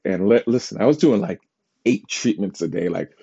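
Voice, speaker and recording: A man hosts his own podcast and tells stories in a loose, animated, self-dramatizing way, often breaking into laughter. His voice sits low and carries a gravelly, mellow tone. The recording sounds dull and lo-fi. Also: normal speed. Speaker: podcast host. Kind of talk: casual storytelling monologue.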